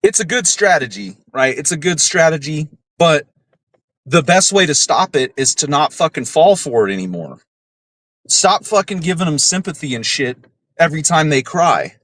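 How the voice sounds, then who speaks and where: A podcast host with a fairly high, bright voice rants very animatedly at normal speed, with no echo. Heated and swearing constantly, he tags his points with "right?" throughout this casual profane rant.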